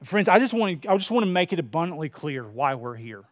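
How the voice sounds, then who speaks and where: A man's voice: fairly high pitch, sing-song, quick pace, no room sound, studio quality. A man preaching a sermon to his congregation, building in intensity and acting out quoted voices.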